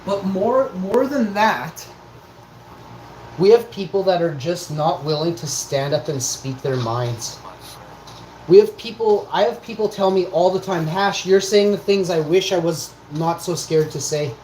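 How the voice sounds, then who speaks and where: At a measured pace, a high-voiced man in his forties rants on his vlog, confrontational and profane, firing rhetorical questions. His delivery is animated and his tone darkish. The recording carries a roomy echo and faint noise.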